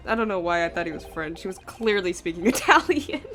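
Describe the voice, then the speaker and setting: A woman's voice: fairly low pitch, lively intonation, brisk, few pauses, a bit bright. A woman streamer talking casually between game lines. She sounds giggly and self-mocking, with faint music behind her. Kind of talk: casual gameplay commentary.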